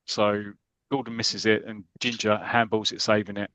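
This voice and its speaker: A man from Britain, a podcast co-host, retelling a comic story in animated casual chat with quick asides. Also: lowish voice, no echo.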